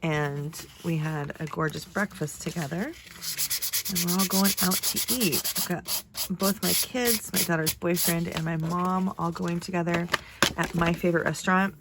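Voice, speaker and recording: A woman's voice: fairly low pitch, steady tone, moderate pace, very noisy. A woman in her forties, a first grade teacher, chatting casually through a paper craft tutorial, nasal and congested after a cold, thinking aloud as she measures and folds.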